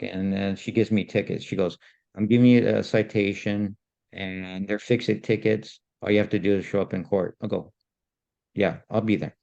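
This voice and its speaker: A man casually telling a story on a podcast, animated and indignant, often repeating himself. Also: on the low side, creaky, lo-fi sound. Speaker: podcast co-host.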